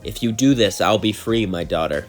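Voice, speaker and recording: A man voicing a scheming demon father who speaks low, measured and coaxing. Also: faint music behind, lightly acted.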